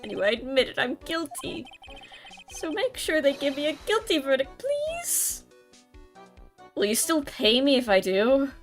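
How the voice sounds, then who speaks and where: A woman's voice: high voice, big pitch swings, a little slow, soft background music. A woman voicing a timid, whiny young man, reading game dialogue aloud in an anxious, pleading way.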